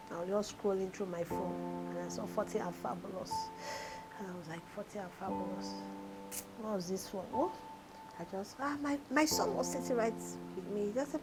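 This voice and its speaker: Nigerian woman in her forties, emotional confessional, soft music bed below her voice. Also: mid-range voice, moderate pace, rough recording. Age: 40s. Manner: tearful, pouring out hardship, repeating phrases. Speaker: reality show contestant.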